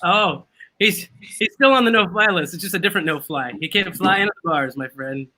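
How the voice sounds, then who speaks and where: A man's voice: high voice, brisk, pushed and bright. A man hosting a casual drinking chat show over a video call, with playful, teasing banter. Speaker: host. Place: outdoors, then moving inside.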